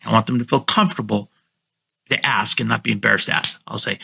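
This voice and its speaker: A middle-aged man with a gravelly, husky voice and a bright, forward tone. He talks casually but confidently, coaching listeners and acting out the lines he uses on clients. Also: quick pace. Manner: confident, coaching tone, acts out his sales pitch. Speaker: guest real estate agent. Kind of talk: casual podcast interview over a call.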